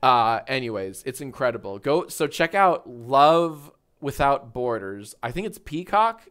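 Animated, bright-voiced male streamer. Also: medium pitch, measured pace, clean tone. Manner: animated, swearing, laughing storyteller. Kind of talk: casual livestream chat.

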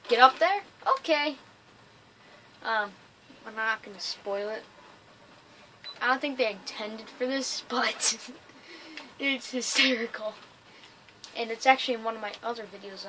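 A woman giving excitable, chatty, jokey let's play commentary over a game. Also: fairly high pitch, measured pace, long pauses, background noise. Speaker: gamer.

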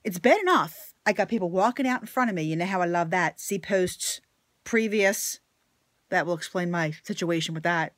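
A woman's voice: on the low side, normal speed, no room sound. Fed-up woman ranting, dry close sound. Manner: angry, blunt, swears often, swings from loud to quiet. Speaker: vlogger. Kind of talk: profane ranting monologue to camera.

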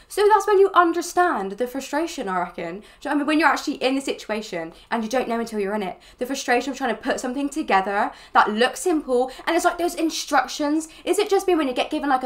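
A young woman talks in a high, light voice, rambling casually and scattering fillers as she reacts. She sounds relaxed and conversational, in her twenties. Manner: chatty, rambling, filler-heavy. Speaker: reaction video host. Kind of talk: casual chat.

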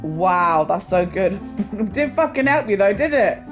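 A woman gaming with a friend, excitable, swearing and shrieking with laughter. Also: medium pitch, measured pace, rough recording. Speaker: gamer streamer. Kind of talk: casual co-op gameplay chat. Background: game music.

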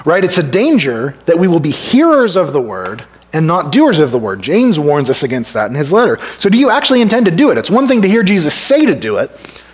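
A male pastor preaching an expository sermon in a conversational way, asking the congregation rhetorical questions and dropping to a hush for emphasis. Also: huge pitch swings, fairly quick. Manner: drops to a hushed low voice for emphasis. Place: church sanctuary.

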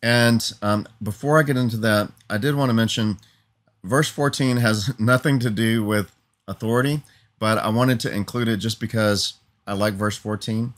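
A man's voice: fairly low pitch, steady tone, moderate pace, a bit bright. A man preaching an earnest teaching sermon, building emphatic lists and often asking "Amen?" for assent.

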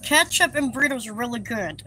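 A woman with a fairly high, expressive voice talks fairly quickly as she vlogs her way through a busy store, rambling and giggling to herself. It's casual chatter while she shops, and the noise of the store fills the background.

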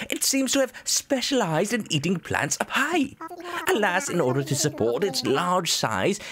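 A man's voice: fairly high pitch, pitched above the performer's own voice. A man voicing a pompous male owl museum curator, lecturing in formal, old-fashioned speech.

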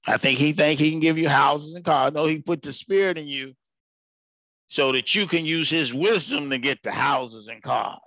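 A man's voice: on the high side, normal speed, pushed and bright, dry recording. A man preaching an informal sermon broadcast, colloquial and emphatic, repeating his phrases for weight.

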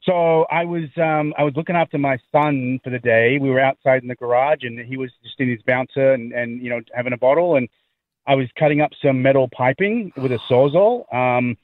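A man's voice: mid-range voice, brisk, no room sound. A man calls in to the show and tells his story in a loose, rambling way, doubling back over his own words. His voice arrives through a tinny, narrow phone line. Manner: rambling, repeats himself while telling a story. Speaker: caller.

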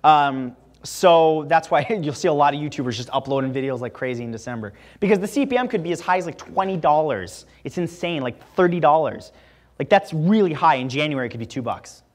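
Chatty young man, slightly high voice. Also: lively intonation, brisk. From Canada. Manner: casual, chatty, lots of "like" fillers. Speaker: guest speaker. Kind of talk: campus talk with Q&A. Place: lecture room at a college campus.

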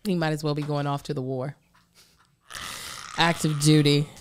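A woman in her thirties from Kentucky, co-hosting a casual chat with teasing, quick banter. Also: low-pitched, fairly even intonation, a little hiss or hum. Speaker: podcast co-host.

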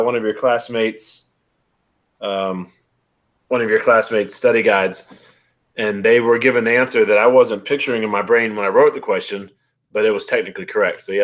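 A male instructor running a casual online exam review, explaining step by step and often checking in with "right?". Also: mid-range voice. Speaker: college biology instructor.

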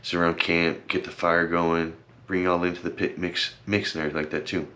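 Deep-voiced young man, rambling thanks. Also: little pitch movement, a little fast, fairly bright tone. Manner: rambling, earnest, many fillers and repeated thanks. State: emotional, teary at times. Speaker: vlogger. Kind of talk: casual heartfelt vlog talk.

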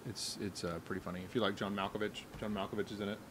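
Talking very fast in a voice on the low side, this man co-hosts a podcast and spins animated stories in casual conversation, laughing frequently. There's slight background noise.

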